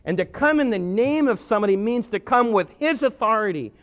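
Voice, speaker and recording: A man preaching a sermon with emphatic delivery, swinging between hushed and loud. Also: high-pitched, expressive, brisk. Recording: muffled sound with long hall reverb.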